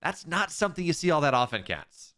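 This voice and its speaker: A man casting a live strategy game match, chatty and self-mocking, rising with excitement on plays. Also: a little high, brisk. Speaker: esports caster.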